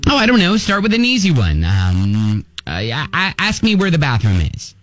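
A man's voice: a little high, wildly swooping pitch, moderate pace, fairly bright tone, faint music behind, pitched above the performer's own voice. A man playing a smug fake male French teacher in a radio prank call, bluffing and stammering with mock confidence. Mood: mock serious.

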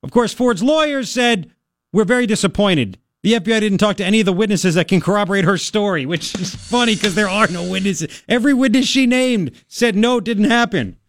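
A man in his forties hosting a talk radio show, joking with his co-host and telling animated stories between political commentary. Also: high voice, brisk, hardly any pauses, no room sound. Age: 40s. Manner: joking, teasing, animated storytelling. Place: radio studio. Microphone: studio mic.

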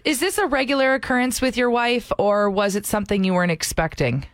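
A woman's voice: on the high side, brisk, no room sound, studio quality. A young adult woman co-hosting a radio show, chatting casually and effusively, laughing often. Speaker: radio co-host.

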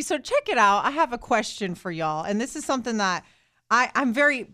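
A woman co-hosting a morning radio show, chatty and expressive, laughing often as she talks over a studio microphone. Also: a little high, a little fast, soft background music.

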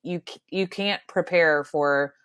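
A woman in her thirties, a mother, chatting casually in a reflective, soft-spoken way with many fillers. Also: lowish voice, measured pace, dry recording. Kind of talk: casual chat.

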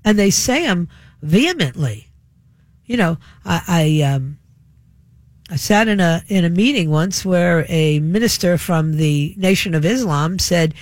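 A woman's voice: fairly low pitch, animated, a little slow, no echo. Woman, talk radio host, opinionated monologue, rambling with fillers, dry close sound.

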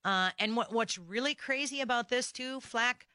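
A woman's voice: on the high side, moderate pace, pushed and bright, no room sound. A woman hosting a talk radio show from a studio microphone, delivering an opinionated monologue full of indignant rhetorical questions.

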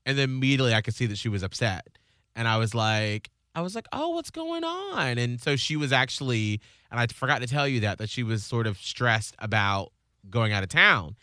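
A man's voice: brisk, bright, forceful tone, clean tone, no room sound, clean studio sound. A man chatting casually as a co-host, recounting a visit earnestly and voicing the people in it. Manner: earnest storytelling with high-pitched quoted voices. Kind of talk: casual chat.

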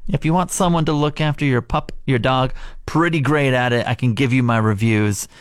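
A man's voice: mid-range voice, moderate pace, no echo, studio quality. A man co-hosting a radio morning show, bantering casually, teasing and laughing often.

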